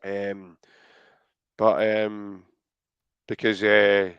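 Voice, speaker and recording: Scottish guy hosting a podcast, gravelly voice, joking around, dry muffled sound. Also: fairly low pitch, monotone, very slow, no room sound. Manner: joking, chatty, hesitant. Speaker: podcast host. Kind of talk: casual podcast chat.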